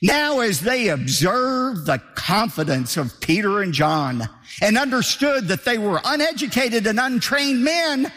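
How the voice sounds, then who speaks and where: A man's voice: high-pitched, very animated, unhurried, pushed and bright, long reverb tail. A man preaching a sermon as pastor, emphatic, asking rhetorical questions and hammering points home with repetition.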